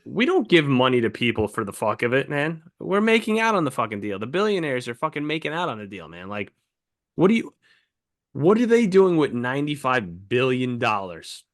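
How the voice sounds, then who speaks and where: A man's voice: medium pitch, big pitch swings, normal speed, dry recording, clean studio sound. A man co-hosting a podcast, ranting heatedly and swearing a lot in casual chat. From United States. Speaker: podcast co-host.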